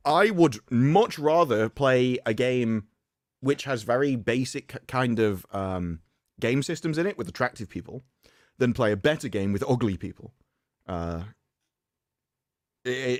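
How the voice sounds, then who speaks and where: A man's voice: medium pitch, expressive, unhurried, dry recording, studio quality. A man co-hosting a live stream, rambling and opinionated in casual chat. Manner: rambling, opinionated, frequent restarts. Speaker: stream co-host.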